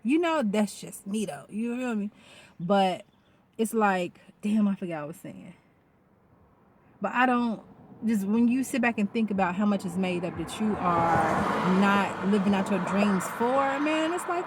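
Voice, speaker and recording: A woman talking casually in a vlog, rambling and animated and swearing freely. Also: fairly high pitch, moderate pace, slight background noise. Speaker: vlogger. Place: outdoors.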